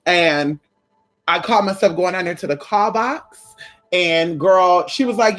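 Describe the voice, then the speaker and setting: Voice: medium pitch, measured pace, faint music behind. A profane, chatty spiritual vlogger. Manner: profane, animated, talks straight to viewers; storytelling with frequent "girl", "honey", "y'all". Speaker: spiritual content creator. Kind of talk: casual chat to viewers.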